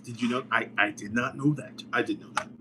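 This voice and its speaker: A man co-hosting a podcast, talking in quick, joking, sarcastic tangents. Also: mid-range voice, fairly even intonation, noisy background. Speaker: podcast co-host. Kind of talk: casual chat.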